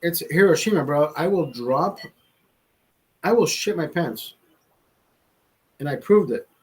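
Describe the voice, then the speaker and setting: A young man with a slightly raised, husky voice tells a long personal story in casual talk. He rambles, swears freely and restarts his sentences often. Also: on the high side, expressive, a little slow, a little mellow, rough recording. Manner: rambling, profane, many restarts. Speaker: vlogger host.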